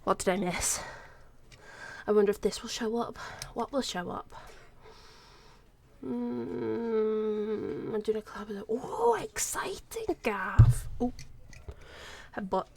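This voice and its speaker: A woman's voice: on the high side, lively intonation, takes it slowly, vocal fry, a little mellow. A young woman chatting casually on a live stream, bubbly and rambling, with a sore throat. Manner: chatty, bubbly, drifts into whispers.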